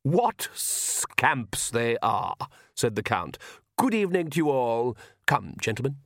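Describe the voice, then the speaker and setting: A man's voice: medium pitch, very animated, takes it slowly, fairly bright tone, dry recording, studio quality, heavily acted. A man voicing a suave, mocking vampire count. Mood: amused. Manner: smooth, amused and condescending. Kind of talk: audiobook character reading.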